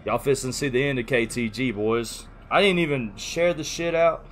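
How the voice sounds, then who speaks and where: A man's voice: medium pitch, moderate pace, soft background music. Flustered man streaming live. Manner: rambling, flustered, apologetic. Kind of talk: casual live-stream chat.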